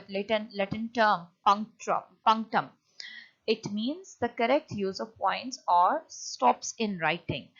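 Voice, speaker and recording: A woman teacher giving a lecture on punctuation, often pausing and restarting as she explains. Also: medium pitch, lo-fi sound. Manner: hesitant, many fillers and restarts while explaining.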